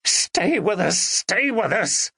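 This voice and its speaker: A man's voice: sits high, animated, moderate pace, a bit bright, dry recording, clean studio sound, pitched above the performer's own voice. A man voicing a young man who takes charge in a crisis in an audiobook, urgent and commanding. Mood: pleading.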